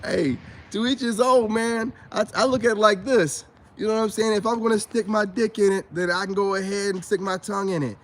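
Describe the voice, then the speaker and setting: A man's voice: sits high, fairly even intonation, brisk, few pauses. A man giving a casual vlog monologue to camera, boastful and preachy, talking straight to his viewers as brothers and repeating his points. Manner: addresses viewers directly as brothers. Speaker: self-styled spiritual advice vlogger.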